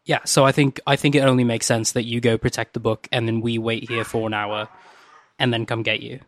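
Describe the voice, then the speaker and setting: A man chatting as a player in a tabletop role-play game, with halting restarts and incredulous questions. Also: mid-range voice, little pitch movement, a bit bright, no echo, studio quality. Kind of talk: casual role-play chat.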